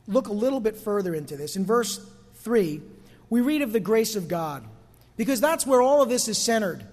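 A man preaching a conversational sermon as pastor, dropping quiet for emphasis and rising for asides. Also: high voice, big-room sound. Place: church sanctuary.

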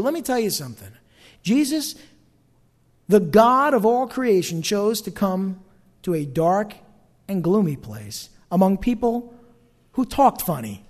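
A man's voice: high voice, big-room sound. A man with a North Jersey accent, preaching a sermon in a chatty way, full of asides and questions to the congregation. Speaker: pastor.

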